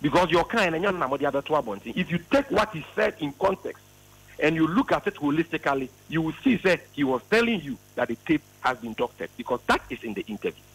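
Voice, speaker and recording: A man's voice: on the high side, very animated, fast, a bit bright, breathy edge, low-quality recording. A Ghanaian man arguing a political point on a radio call, emphatic and repeating words for stress. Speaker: party spokesman on a radio phone-in. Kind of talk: impassioned political argument.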